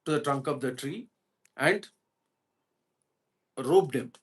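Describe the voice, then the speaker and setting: A spiritual teacher with a medium-pitched, lively voice tells a parable slowly during a storytelling sermon. As he goes, he puts questions to his listeners.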